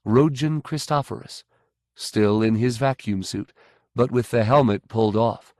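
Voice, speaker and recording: Man, audiobook narrator, measured delivery, slow, dry close sound. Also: medium pitch, a little mellow, no echo. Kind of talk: scripted narration.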